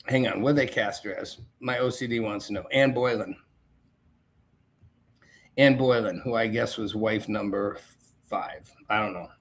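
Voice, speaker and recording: A man's voice: on the low side, normal speed, long pauses. A man hosting a show, delivering a sarcastic political commentary monologue. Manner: sarcastic, mocking, with exaggerated put-on voices. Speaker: host.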